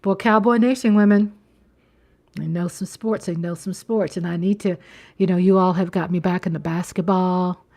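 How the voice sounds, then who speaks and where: A middle-aged woman hosting a casual livestream from home, chatting with viewers, reading their comments aloud, laughing often and sometimes dropping into a hushed whisper. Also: fairly low pitch, steady tone, moderate pace. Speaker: livestream host. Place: home, at night.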